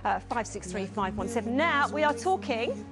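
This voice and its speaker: A woman's voice: fairly high pitch, expressive, moderate pace, loud music behind the voice. A woman presenting on a TV shopping channel, gushing and playful as she reads out item numbers and prices. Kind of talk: TV sales presenting. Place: TV studio.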